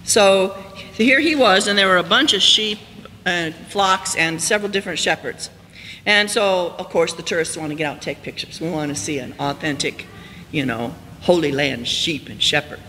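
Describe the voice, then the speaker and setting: A male pastor preaching a storytelling sermon, climbing high and loud for emphasis and then dropping soft and slow. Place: church sanctuary. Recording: church hall reverb, faint hiss.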